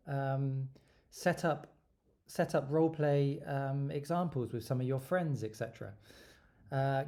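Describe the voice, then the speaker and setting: A man teaching exam strategies, with a mellow, relaxed tone. He talks in a lively way, stressing key words and sometimes acting out short dialogues. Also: medium pitch. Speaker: English teacher. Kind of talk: exam tips lesson.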